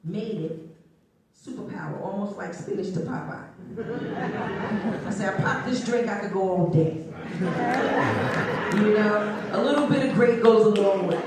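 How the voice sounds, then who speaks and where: Middle-aged woman telling stories in an echoey room. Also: mid-range voice. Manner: animated, laughing often. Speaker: interview guest. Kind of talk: conversational storytelling. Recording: echoey room, mic at a distance.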